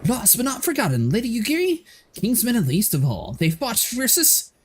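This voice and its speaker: A man's voice: very high-pitched, huge pitch swings, normal speed, a little hiss or hum, voice pushed up, full character voice. A man reading aloud the lines of a grieving old nobleman from a fantasy game, formal and mournful. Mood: solemn.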